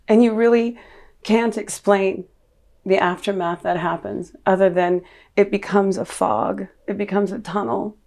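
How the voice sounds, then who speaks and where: A middle-aged woman talks as a guest on an interview podcast and tells a painful memory in a raw, earnest voice. Her voice sits mid-range and carries a gravelly fry. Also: mid-range voice, fairly even intonation, unhurried, long pauses, darkish tone. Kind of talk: personal storytelling in an interview.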